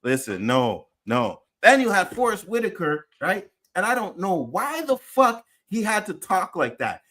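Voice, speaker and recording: A man's voice: high voice, big pitch swings, unhurried, hardly any pauses, fairly bright tone. A man co-hosting a livestream show, ranting casually and swearing constantly in heated outbursts. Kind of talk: casual profane rant.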